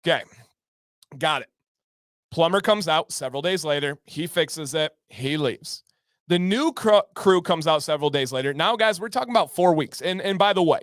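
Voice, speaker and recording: A man hosting a live stream tells his viewers a long tale of frustration, full of quick jokes aimed at the chat. His voice sits a touch high and comes through smooth and clear. The sound is close and dry, with no room in it. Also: no room sound. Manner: animated, exasperated, jokey asides to chat. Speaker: livestream host. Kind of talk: casual storytelling to a live chat.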